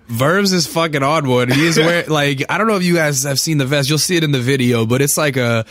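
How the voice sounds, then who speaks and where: A man's voice: on the high side, fast talker, a bit bright, no echo. A man hosting a casual podcast interview, teasing his guest and laughing often. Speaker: podcast host.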